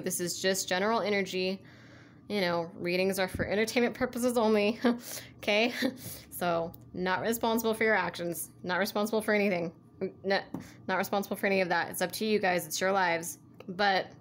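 A woman's voice: mid-range voice, a little hiss or hum. A woman giving a casual tarot reading to her viewers, rambling and earnest, with lots of "like" and "you know". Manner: rambling, heavy use of "like", earnest and encouraging. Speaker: tarot reader.

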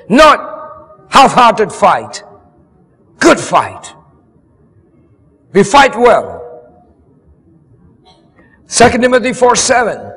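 An older male pastor delivers a sermon in a strikingly high voice for a man. He shifts from relaxed remarks to fervent, rousing exhortation. A long reverb from a large hall trails each phrase. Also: unhurried, pauses often. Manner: preaching, rising to fervent exhortation. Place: church camp meeting hall.

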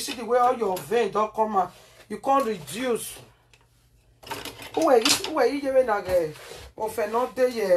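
A cooking vlogger, a woman with a fairly high voice, talks in Nigerian Pidgin while making food in her home kitchen for her vlog, scolding, repeating herself and frequently asking "Eh?" in a casual rant. She sounds off-mic and distant, with faint noise in the recording.

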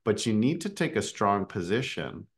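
A man's voice: on the low side, very animated, normal speed. A man coaching speakers in a casual online session, explaining with filler words.

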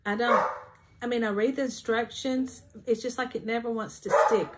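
A woman's voice: a little high, fairly even intonation, moderate pace, very noisy. Chatty woman showing her stitching. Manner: chatty, rambling, many ums and restarts. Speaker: cross-stitch vlogger. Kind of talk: casual show-and-tell chat. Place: home.

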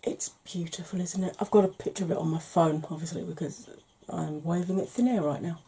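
A woman hosting a soft-spoken makeup tutorial, chatty and explaining each step, tired and yawning. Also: lowish voice, brisk, husky.

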